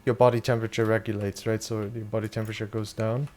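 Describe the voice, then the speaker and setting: A man's voice: lowish voice, little pitch movement, fast talker, darkish tone, faint music behind. A young German man chatting loosely with his viewers while playing a game, swearing casually and answering chat questions. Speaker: streamer. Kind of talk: casual live-stream chat.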